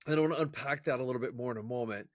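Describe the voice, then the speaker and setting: A man as an interview guest, telling a personal story in an energetic, chatty way with fillers and restarts. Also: mid-range voice, racing, no echo, studio quality. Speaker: interview guest, professional speaker. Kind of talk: casual storytelling in conversation.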